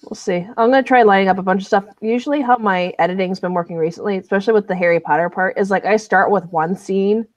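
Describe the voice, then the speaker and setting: A woman's voice: mid-range voice, fast, hardly any pauses, no room sound, lo-fi sound. A young woman with a snuffly, congested voice, teasing her co-host while she explains her video editing. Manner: teasing, deadpan quips. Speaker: livestream co-host.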